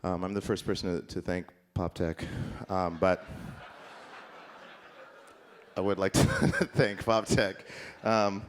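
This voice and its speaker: A man with a notably deep, low-pitched voice delivers an improvised comedy monologue from a conference stage. He rambles and loops back on his own sentences in a mock-earnest, absurdist way, as if giving sincere advice. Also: steady tone, unhurried, clear, resonant tone. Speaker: comedic musician performing on stage.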